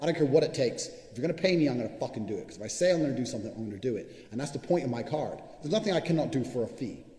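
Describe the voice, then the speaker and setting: In a room with long, echoing reverb, a man with a mellow, mid-range voice rattles off a motivational rant at rapid-fire speed, barely pausing. He's a money-advice vlogger who is brash, boastful, and swears constantly, and his delivery is expressive.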